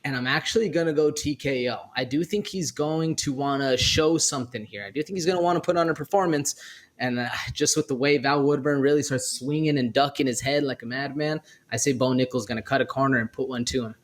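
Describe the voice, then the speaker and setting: A man's voice: medium pitch, quick pace. A young man co-hosting a sports betting podcast, easygoing and rambling as he breaks down the fights. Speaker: podcast co-host. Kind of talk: casual sports betting chat.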